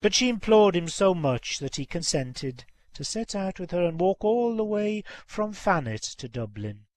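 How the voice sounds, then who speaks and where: Give me a man narrating a folk tale, measured and expressive, on a dry close mic. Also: high-pitched, dry recording. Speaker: storyteller. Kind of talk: reading a folk tale aloud.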